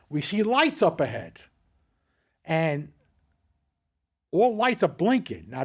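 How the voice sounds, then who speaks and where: High-voiced older man telling rough stories. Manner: animated, profane, acts out quotes. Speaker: host. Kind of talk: storytelling in casual chat.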